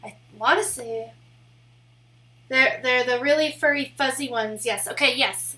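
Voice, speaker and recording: A woman's voice: high-pitched, measured pace, pushed and bright. A young woman streaming live, rambling in a casual, giggly way with lots of "like" fillers. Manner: rambling and giggly, heavy use of "like".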